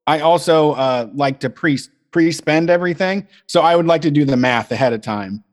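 A man's voice: on the high side, moderate pace. A man co-hosting a casual chat show, ranting in a heated way and swearing freely. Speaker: podcast co-host.

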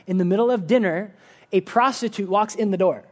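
A man whose voice sits high with a darkish tone talks a little fast as he preaches in church. He's earnest and casual, with many restarts and "like" fillers.

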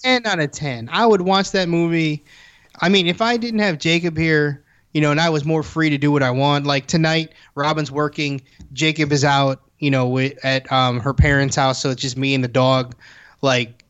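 A chatty speaker who rambles, stumbles over restarts and swears freely in a casual conversation. The voice sits at a middle pitch, and the recording sounds dull and lo-fi. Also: steady tone, moderate pace, a bit bright, clean tone. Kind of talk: casual chat.

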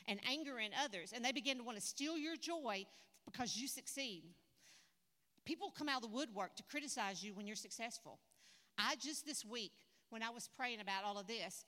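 An older woman preaching a sermon at a conference in a church hall, lively and humorous, talking straight to the audience. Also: medium pitch. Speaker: conference speaker. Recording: echoey hall.

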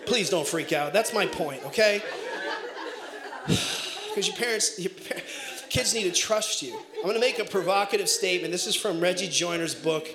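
A middle-aged man preaching a sermon as pastor, telling family stories in an animated way with bursts of shouting. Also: sits high, moderate pace, a crowd in the background. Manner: animated storytelling, breaks into shouts and laughter. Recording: echoey room.

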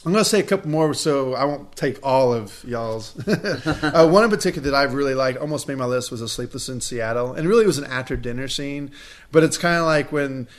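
A man's voice: mid-range voice, brisk. A man co-hosting a casual podcast chat, animatedly retelling film scenes and acting out the lines. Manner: animated storyteller, acts out movie quotes. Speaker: podcast co-host.

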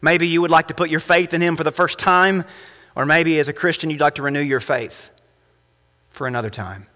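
A male pastor preaching a sermon and leading a prayer, impassioned, rising to emphatic peaks and dropping soft. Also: fairly high pitch, fairly quick. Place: church sanctuary. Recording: long reverb of a church hall.

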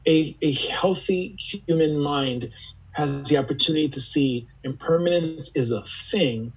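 A podcast guest, a man with a slightly husky, fairly high voice, talks earnestly and reflectively, searching for words and repeating phrases as he works through a thought. The exchange feels like an unhurried, thoughtful interview, though the recording quality is low.

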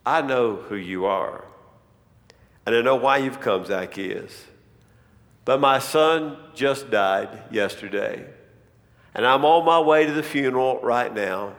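A grieving mother pleading quietly for mercy, as a preacher acts her out. The voice drops lower and softer than his usual speech. A long hall reverb trails each line. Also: takes it slowly. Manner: soft, pleading. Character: grieving poor widowed mother.

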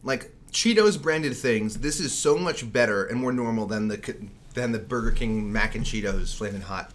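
A man's voice: lowish voice, moderate pace, slight background noise. A man co-hosting a podcast in casual chat, rambling with lots of fillers and casual swearing, on a studio mic. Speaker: podcast co-host.

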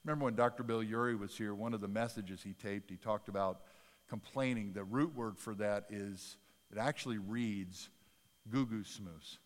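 Animated preacher in a reverberant hall. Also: male voice, lowish voice, moderate pace. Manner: animated preaching, swings from soft asides to loud emphatic bursts; folksy, self-deprecating humor. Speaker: pastor. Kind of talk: sermon.

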